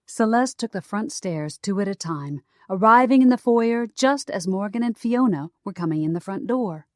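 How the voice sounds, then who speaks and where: A woman narrating an audiobook in a measured storytelling manner. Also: lowish voice, lively intonation, no room sound, studio quality. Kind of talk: scripted narration.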